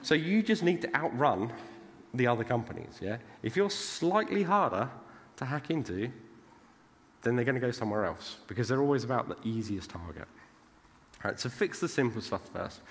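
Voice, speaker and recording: A British man giving a casual conference talk, chatty and forever checking in with "right?". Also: mid-range voice. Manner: chatty, tags lines with "right?". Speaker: conference speaker. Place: large conference hall. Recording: long hall reverb.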